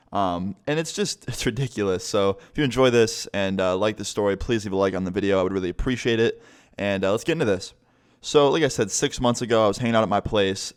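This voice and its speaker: A man's voice: on the low side, clean tone. A young man vlogging a casual storytime, rambling and swearing a lot. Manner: rambling, profane, chatty.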